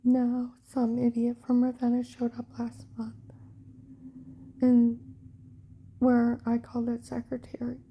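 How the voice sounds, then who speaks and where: A middle-aged woman recounting events in a halting personal account, often dropping to a whisper and restarting her sentences. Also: fairly high pitch, monotone, warm tone, slightly rough.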